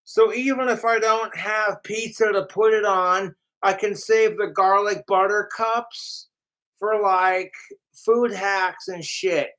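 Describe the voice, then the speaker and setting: High-voiced man ranting slowly. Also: fairly even intonation, sharp tone. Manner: profane, mocking, rambling. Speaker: streamer. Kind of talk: ranting live stream. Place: home apartment.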